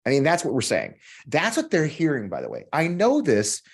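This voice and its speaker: A man's voice: on the high side, wildly swooping pitch, moderate pace, vocal fry, husky. An American man hosting a podcast, in a heated political monologue, swearing often and repeating lines for emphasis. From United States. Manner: emphatic, preacherly build-ups. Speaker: podcast host.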